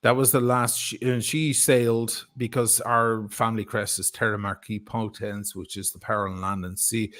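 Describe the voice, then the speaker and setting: A middle-aged Irish man telling stories in a casual chat, animated and quick to swear and laugh. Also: on the low side. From Ireland. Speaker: guest.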